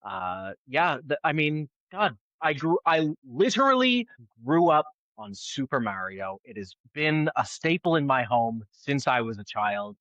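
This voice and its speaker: A man co-hosting a pop culture podcast, chatting in animated, jokey banter. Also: mid-range voice, measured pace, no echo, highs cut off. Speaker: podcast co-host. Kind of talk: casual pop culture chat.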